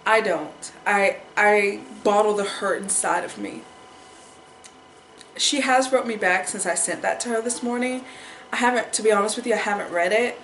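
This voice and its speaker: A woman's voice: mid-range voice, normal speed, fairly bright tone, roomy sound, a little hiss or hum, low-quality recording. A young woman talking in an emotional personal vlog, upset and repeating herself as she holds back tears. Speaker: vlogger.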